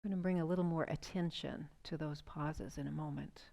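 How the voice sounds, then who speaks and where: Guiding a seated yoga breathing practice, a woman with a slightly low, creaky voice speaks fairly quickly. Her tone is calm and gentle, and she invites the listener to notice each breath. She phrases her instructions as soft, patient questions.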